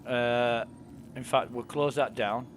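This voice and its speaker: A man's voice: medium pitch, fairly even intonation, takes it slowly, slight background noise. A man chatting casually while live-streaming a video game, rambling with lots of fillers and laughing at his own stories. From United Kingdom. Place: home desk.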